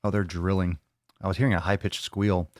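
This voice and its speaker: A man's voice: deep voice, flat delivery, a little fast, no room sound. Brash joking man hosting a podcast. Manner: brash, joking, profane hype talk. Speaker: podcast host. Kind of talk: casual livestream podcast.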